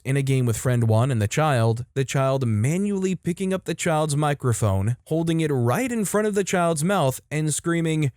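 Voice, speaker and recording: A man reading a first-person story aloud in an even, steady storytelling voice. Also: medium pitch, dry recording, clean studio sound. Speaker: narrator.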